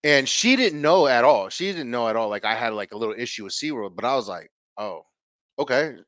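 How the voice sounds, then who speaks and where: A man in his thirties hosting a podcast, telling a rambling, profane story in a casual, animated way, acting out what people said. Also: medium pitch, fairly quick, dry recording. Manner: animated, profane, swings loud and quiet while acting out quotes. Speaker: podcast host.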